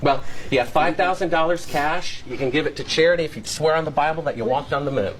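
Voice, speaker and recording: A man's voice: fairly high pitch, fast, slight background noise, rough recording. A man insistently pressing someone with the same demand again and again. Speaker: confronting interviewer.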